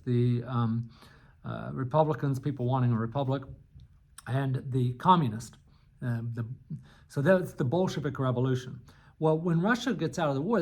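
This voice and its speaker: A man's voice: on the high side, a little mellow. A man teaching a history class in a loose, conversational lecture, with frequent fillers and restarts. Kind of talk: unscripted recorded lecture.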